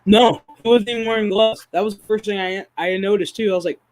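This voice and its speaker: A woman hosting a casual chat stream, telling stories in a profane, animated way with lots of quoted dialogue. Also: medium pitch, fast talker. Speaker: streamer host.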